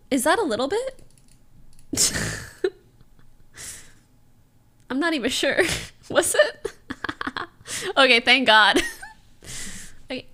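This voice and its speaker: Lively, giggly young woman streamer. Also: sits high, slow, pauses often. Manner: playful, giggly, sounding out words. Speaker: livestreamer. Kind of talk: casual stream chat.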